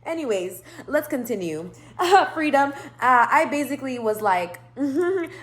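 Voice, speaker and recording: A woman's voice: high voice, sing-song, measured pace. A woman hosting her tarot channel, telling a rambling storytime monologue with lots of swearing, laughter and asides.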